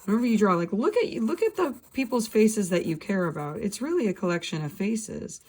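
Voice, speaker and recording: A woman's voice: mid-range voice, very animated, a little fast, a little mellow. A woman teaching a drawing lesson, talking through each step as she draws. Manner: talking while drawing, thinking aloud. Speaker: art teacher. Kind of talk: drawing demonstration.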